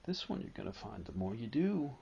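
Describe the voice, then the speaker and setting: A man giving a live spiritual talk to an audience, animated and storytelling, at times acting out a whining child. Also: medium pitch, brisk, creaky, slightly rough, dull audio.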